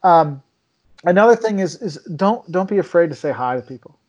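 Animated chatty man, higher voice. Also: fairly quick, dull audio. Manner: animated storyteller, acts out quotes with big pitch jumps. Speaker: travel video maker, podcast guest. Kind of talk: casual chat.

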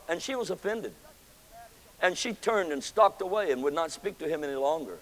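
A man preaching a sermon as pastor, swinging between loud, ringing lines and hushed ones. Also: sits high, expressive, moderate pace. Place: church sanctuary. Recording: long hall reverb with faint music.

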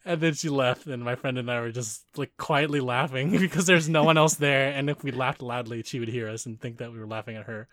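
A man's voice: medium pitch, fairly quick, hardly any pauses, no echo. Dry, close-sounding young man telling stories. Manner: animated, laughs often, acts out quoted voices. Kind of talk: casual storytelling chat.

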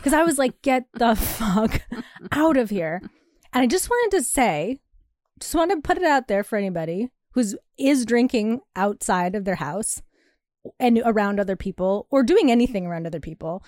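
A woman's voice: a little high, moderate pace, no room sound, studio quality. A woman co-hosting a podcast, telling a story casually, laughing often and acting out what people said. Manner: animated storytelling, laughs often, acts out quotes. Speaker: podcast co-host. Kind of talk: casual chat. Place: Brooklyn apartment.

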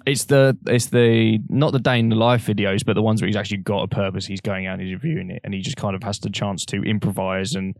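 A young man co-hosting a podcast, chatting casually, swearing often and telling animated stories. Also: on the low side, quick pace, gravelly, hardly any pauses, no echo, clean studio sound. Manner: swears a lot, animated storytelling. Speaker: podcast co-host. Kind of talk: casual chat.

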